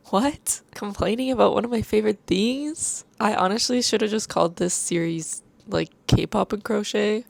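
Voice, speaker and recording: A woman's voice: mid-range voice, gravelly, a little mellow. A young woman vlogging casually into a handheld mic at home, rambling and laughing often, with a sore throat. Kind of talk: casual chatty vlog. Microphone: handheld microphone held close.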